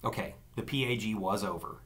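A man narrating an audiobook in an expressive storytelling manner. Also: lowish voice, brisk.

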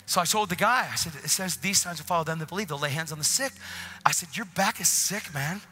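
In a church, a man gives a lively sermon, narrating a story and voicing both people in each exchange, breaking into sudden excited shouts. His pitch runs on the high side and he moves at a quick pace.

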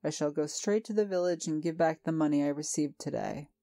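A woman's voice: sits low, a little fast, warm tone, no room sound. A woman voicing an elderly, weary and honest old man in a storybook reading. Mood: resolute.

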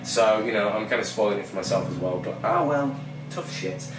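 Excitable young man whooping over game play. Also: on the low side, fairly quick. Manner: excitable, whooping and laughing, swears casually. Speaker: let's play host. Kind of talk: excited gaming commentary. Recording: roomy, distant mic with game music. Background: game music.

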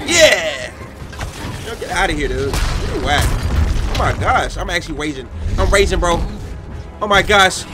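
A young man giving excited gameplay commentary, slangy and bursting into loud yells. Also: high-pitched, a little slow, long pauses, over music. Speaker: gaming YouTuber.

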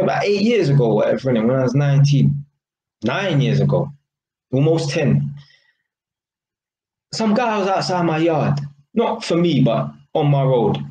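A man's voice: medium pitch, dark tone, a little hiss or hum. A young man with a London accent, ranting casually to camera in street slang. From England. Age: young adult. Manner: heated street slang, repeats "innit". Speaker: vlogger. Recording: echoey room with faint ambience.

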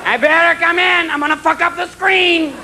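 A comedian voicing a pushy house cat that demands to be let in and out, whiny and high, on a live stage recording. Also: male voice, fairly even intonation, moderate pace, crowd noise, background noise. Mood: demanding. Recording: live stage show with loud audience.

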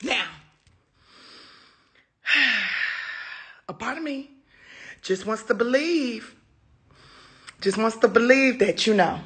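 Animated, bright-voiced woman ranting. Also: extremely slow, long pauses. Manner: animated, swearing, swings into high-pitched wails and shouts. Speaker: comedian venting on social media. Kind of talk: ranting selfie video.

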